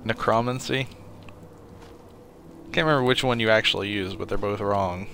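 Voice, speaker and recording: A man's voice: lowish voice, moderate pace, gravelly, a bit bright, a little hiss or hum. A man giving casual, rambling commentary while playing a game and chatting. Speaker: gameplay streamer.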